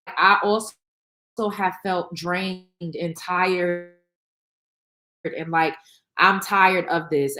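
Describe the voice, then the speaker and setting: This show host's voice is fairly low-pitched yet fairly bright. In a candid reaction vlog she speaks to camera in a blunt, emotional ramble, swearing freely, with frequent restarts and fillers.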